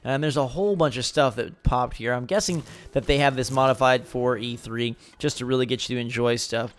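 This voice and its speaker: A man's voice: mid-range voice, brisk. A young man giving casual, enthusiastic gameplay commentary, rambling with fillers and sounding tired late at night. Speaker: gaming video host.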